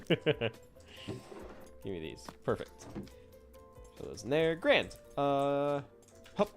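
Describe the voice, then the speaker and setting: A man's voice: mid-range voice, lively intonation, drawn-out words, pauses often, faint music behind. A man streaming a game, chatting casually and teasing his viewers with frequent laughter. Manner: playful, teasing, often laughing. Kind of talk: casual gameplay chat.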